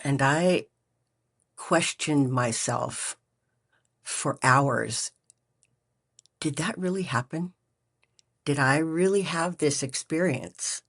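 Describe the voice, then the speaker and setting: Slow, gravelly woman telling her story. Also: low-pitched. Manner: halting, reflective, many pauses and restarts. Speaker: guest. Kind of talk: personal storytelling.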